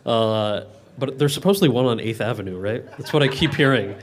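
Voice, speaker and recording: A man in his thirties, an actor answering audience questions in a relaxed Q&A, often restarting his sentences. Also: mid-range voice. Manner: talks fast with many quick restarts. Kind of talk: casual Q&A answers.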